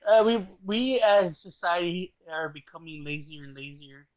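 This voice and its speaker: A man's voice: sits high, lively intonation, normal speed, no echo, highs cut off. A man co-hosting a podcast, ranting in casual chat with restarts and casual swearing. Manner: opinionated, rambling with restarts and swearing. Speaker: podcast co-host.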